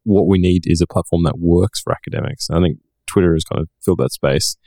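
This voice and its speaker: A man with a very low voice talks in a casual podcast chat, hesitant and full of fillers. The sound is dry and close, with no room echo. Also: fast talker, gravelly, warm tone.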